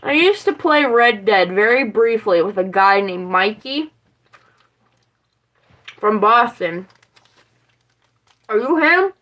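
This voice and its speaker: A woman's voice: fairly high pitch, lively intonation, takes it slowly, long pauses, fairly bright tone, rough recording. A young woman with a West Virginian accent, chatting casually and rambling on a livestream from her home kitchen, swearing freely as she talks to viewers.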